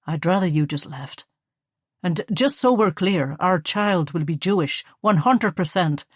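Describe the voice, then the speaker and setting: Audiobook figure: a woman reading a kind young Irish husband, gentle with a firm edge, dry recording. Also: lowish voice, dry recording.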